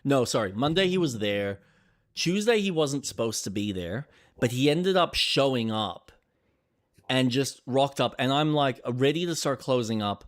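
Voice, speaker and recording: A man's voice: mid-range voice, animated, moderate pace, no echo, studio quality. A young man co-hosting a casual chat stream, swearing freely and acting out the people in his stories. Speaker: podcast co-host.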